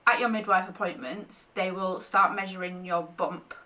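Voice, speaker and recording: A woman's voice: lowish voice, steady tone, moderate pace, sharp tone, distant mic. A young woman in pregnancy, chatting casually to camera and often short of breath, laughing between thoughts. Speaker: vlogger sharing pregnancy updates.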